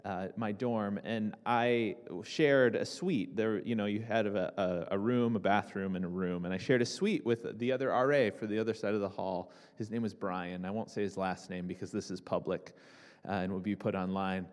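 A man's voice: lowish voice, steady tone, normal speed. A young man preaching a sermon to a congregation, talking casually with restarts and asides. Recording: reverberant hall.

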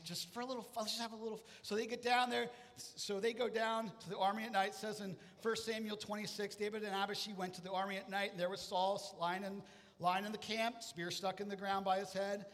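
A man preaching a sermon, telling a story with lively acted-out voices. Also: high voice, a little fast. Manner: animated storytelling, acting out voices. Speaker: pastor. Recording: hall reverb.

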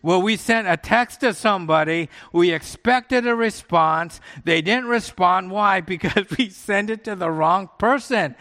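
A man preaching a sermon as a pastor, telling everyday stories in a relaxed, conversational way with quick laughs. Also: high-pitched, in a large hall.

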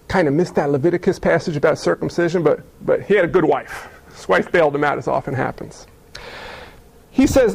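A man with a high voice preaches in a folksy, conversational way. He slips into quick acted bits of dialogue as he makes his points to the congregation. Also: creaky. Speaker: pastor. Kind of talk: sermon.

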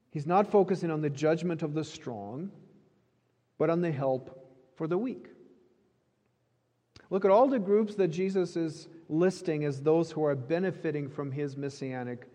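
A man's voice: fairly high pitch, dark tone. Man preaching in an echoing hall. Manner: earnest, emphatic preaching with repetition. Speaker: pastor. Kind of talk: sermon.

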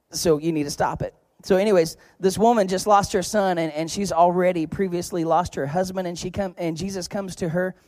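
Pastor guy preaching, kinda high voice, chatty and jokey, punches words hard, dry sound. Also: no room sound. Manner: conversational, joking storytelling with sudden loud emphasis. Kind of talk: sermon. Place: church.

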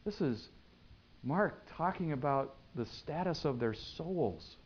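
A man preaching a sermon, swinging between loud bursts and hushed lines. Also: fairly high pitch, animated, slow, slightly rough, highs cut off. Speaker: pastor.

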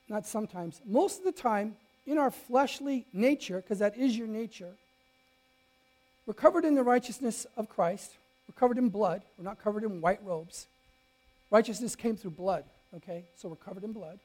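Storytelling preacher with swinging loudness. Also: male voice, sits high, moderate pace. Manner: storytelling, lively swings from loud to quiet, many restarts. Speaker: pastor. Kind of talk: sermon.

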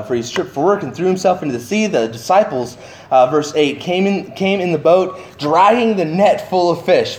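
Man, pastor, sermon, high voice, very animated pitch, asks the congregation questions. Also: echoey room. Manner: animated, acts out voices of the disciples; asks the listeners many questions.

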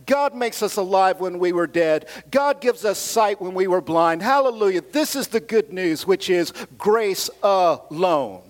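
A middle-aged male pastor preaching with a fairly high, light voice. He swings between booming passages and hushed asides, with casual slang and frequent hallelujahs. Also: unhurried, few pauses. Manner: animated preaching, swings from loud to quiet asides. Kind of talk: sermon.

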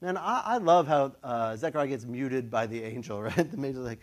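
A middle-aged man giving a casual, conversational sermon, telling the story with lively asides and laughter. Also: medium pitch, brisk, few pauses. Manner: animated storytelling, acts out quoted voices, laughs often. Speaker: pastor.

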